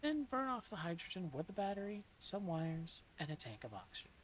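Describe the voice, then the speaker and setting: A woman reading a novel aloud in a soft-spoken ASMR style, slipping into whispers now and then, with dry, deadpan humor. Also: on the low side, a little fast, slight background noise, rough recording. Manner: soft, dips into whispers at times.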